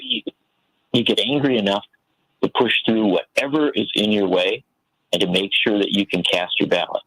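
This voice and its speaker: Low, gravelly man giving impassioned commentary. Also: a bit bright, dry recording, rough recording. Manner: earnest, impassioned, tells stories. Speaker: radio show guest. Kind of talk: political commentary.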